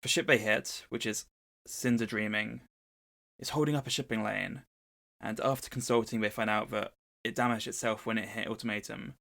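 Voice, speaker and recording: A man's voice: fairly low pitch, fairly even intonation, moderate pace, gravelly, fairly bright tone. A man co-hosting a casual podcast, retelling a book's plot in an easygoing storytelling way. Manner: storytelling summary of a book plot. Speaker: podcast co-host.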